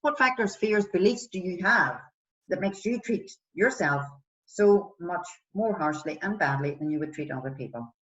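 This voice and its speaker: A woman's voice: lowish voice, animated, normal speed, fairly bright tone. A woman wellbeing coach guiding listeners through a self-compassion exercise, asking many questions and acting out example voices. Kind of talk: guided self-help exercise. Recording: distant, dull lo-fi sound.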